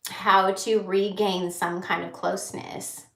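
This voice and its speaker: Gravelly-voiced woman rambling on a livestream. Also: mid-range voice, flat delivery, a bit bright, echoey room. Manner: rambling, candid, pauses to read comments. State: holding back tears. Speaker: vlogger livestreaming to viewers. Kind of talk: casual livestream chat.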